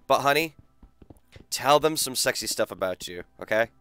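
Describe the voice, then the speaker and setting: A man's voice: mid-range voice, animated, moderate pace, pushed and bright, clean tone, no room sound. A man streaming a game, bantering with his chat in a crude, teasing way. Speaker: gaming streamer. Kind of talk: casual live-stream chat.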